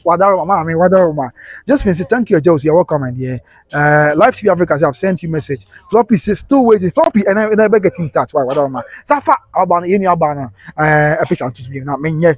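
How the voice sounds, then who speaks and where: A Ghanaian man runs a casual live stream, rattling through viewer comments at a brisk clip. His voice sits a bit high, and the dry, close sound carries his frequent laughs as he switches freely between English and Twi. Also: husky, dry recording.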